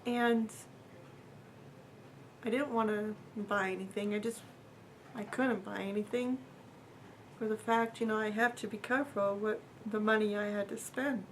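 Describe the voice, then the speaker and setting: A woman earnestly telling a personal story in a casual, halting way, with fillers and repeats, her voice sometimes dropping to a near whisper. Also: mid-range voice, steady tone, a little hiss or hum.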